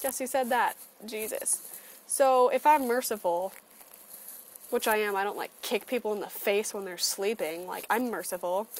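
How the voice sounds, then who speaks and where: Medium-pitched and talking at a normal clip, this woman delivers an animated, profanity-laced, sarcastic rant for her opinion vlog. Her computer webcam mic yields poor-quality audio.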